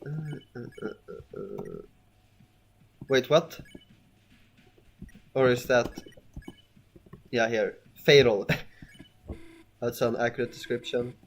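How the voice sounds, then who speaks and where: A man's voice: mid-range voice, wildly swooping pitch, slow pace, creaky, long pauses, a little hiss or hum. A man giving casual let's-play commentary, rambling and hesitant with frequent stammers and restarts. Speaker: gameplay commentator.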